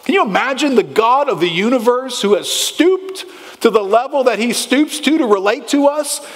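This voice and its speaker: A male pastor preaches with an extremely high, expressive voice at a moderate pace, his emphatic delivery rising as he often puts questions to the congregation. The sermon echoes through a church sanctuary with long hall reverb.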